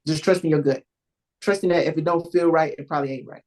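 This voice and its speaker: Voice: medium pitch, steady tone, fast, a little mellow, poor audio. A podcast host giving blunt, informal advice with casual grammar and a frequent "right?". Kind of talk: casual conversational podcast talk.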